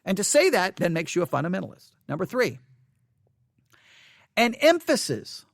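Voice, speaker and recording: A man teaching a Bible lesson in a fervent, emphatic way, repeating his points and swinging between loud stress and quiet asides. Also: high voice, sing-song, normal speed, gravelly, pauses often, dry recording, clean studio sound.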